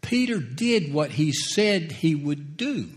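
A man preaching a sermon, slow and deliberate, who chuckles between points and acts out scripture quotes. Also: a little high, big pitch swings.

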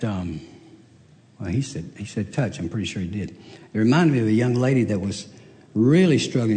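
A man's voice: mid-range voice, darkish tone. A man preaching a humorous sermon, a folksy storyteller who laughs along with his own jokes. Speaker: pastor. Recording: long hall reverb.

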